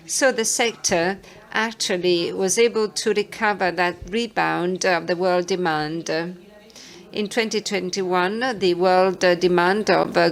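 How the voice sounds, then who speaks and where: A woman interpreting a conference talk, halting and hesitant, with many filler sounds between words. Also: lowish voice.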